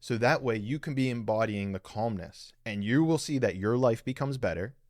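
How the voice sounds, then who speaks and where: A man's voice: mid-range voice, animated, moderate pace, a little mellow, no echo, studio quality. Earnest man giving spiritual advice. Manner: earnest, repetitive, coaching listeners directly. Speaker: podcast host. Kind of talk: spiritual teaching monologue. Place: live stream reading viewer comments.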